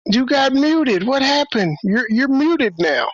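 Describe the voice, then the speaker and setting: A man's voice: very high-pitched, sing-song, takes it slowly, no room sound. Blunt man hosting a stream. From Memphis, USA. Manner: blunt, provocative, teasing. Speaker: show host. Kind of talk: livestream talk show chat. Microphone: video call stream. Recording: dull dry lo-fi stream audio.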